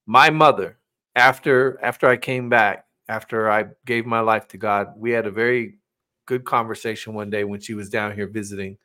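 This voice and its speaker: A man's voice: fairly low pitch, steady tone, normal speed, pushed and bright. A man in his forties co-hosting a podcast, talking earnestly about faith and parenting, getting emotional as he speaks. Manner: earnest, gets emotional, preachy. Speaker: podcast co-host. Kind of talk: casual faith talk.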